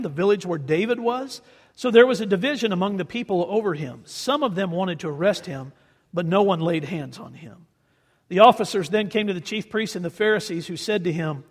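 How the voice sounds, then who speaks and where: A high-pitched male preacher delivering a sermon with a lingering reverb around him. He swings between ringing, forceful emphasis and near-hushed passages. He reads scripture aloud and acts out its voices. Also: slightly rough. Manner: dramatic, swings from loud to hushed. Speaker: pastor.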